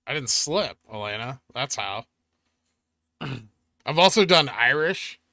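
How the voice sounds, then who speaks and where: A man's voice: mid-range voice, animated, takes it slowly, vocal fry, sharp tone, no room sound. A middle-aged man hosting a finance stream, chatting casually with viewers and joking at his own expense. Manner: joking, self-deprecating. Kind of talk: casual live-stream chat reading comments.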